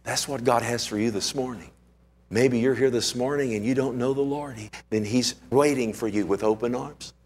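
A man preaching a sermon, acting out the scenes he retells, with big swings between high, loud cries and low, hushed lines. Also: moderate pace, a little hiss or hum. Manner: dramatic, acts out quotes with big swings in pitch and loudness. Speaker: pastor.

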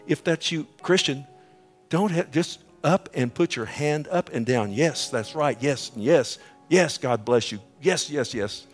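A middle-aged man preaching a sermon with an altar call, swinging between booming quoted scripture and hushed, whispered pleading. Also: animated, measured pace. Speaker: pastor. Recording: faint music underneath.

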